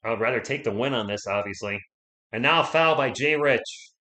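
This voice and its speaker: Guy, bright tone, fan play-by-play caller, erupts into shouts on big plays, voice going hoarse. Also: mid-range voice, fairly quick. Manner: excitable, swings from calm calls to shouting at big plays. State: losing his voice. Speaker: livestream play-by-play host.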